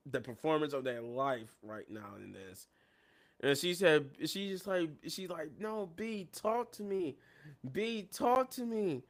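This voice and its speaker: Excitable man recapping wrestling. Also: on the high side. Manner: excitable, rambling, laughs at the action. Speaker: wrestling show reviewer. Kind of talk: casual recap commentary. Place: at his workplace.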